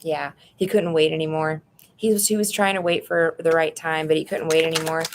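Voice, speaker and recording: A woman's voice: low voice, flat delivery, fairly quick, slight background noise. A woman giving a live tarot reading from her apartment into a phone, chatty and blunt, calling the viewer "girl". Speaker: tarot reader. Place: apartment room at home.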